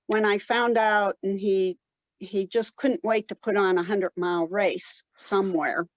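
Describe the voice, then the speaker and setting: A woman in her seventies from Colorado, telling stories in a casual interview with many pauses and fillers. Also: medium pitch, steady tone, no room sound, muffled recording. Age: 70s. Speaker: guest, ultrarunner.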